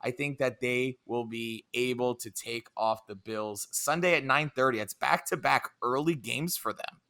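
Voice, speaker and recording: A man's voice: medium pitch, normal speed, bright, forceful tone. A man co-hosting a casual sports podcast, joking around and laughing easily as he trades playful trash talk. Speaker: podcast co-host.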